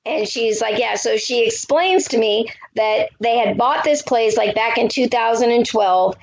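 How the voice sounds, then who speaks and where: A woman's voice: a little high, unhurried. A woman in her fifties, a psychic medium, telling a story on a radio show and acting out the quotes in it. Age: 50s. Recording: dull lo-fi audio.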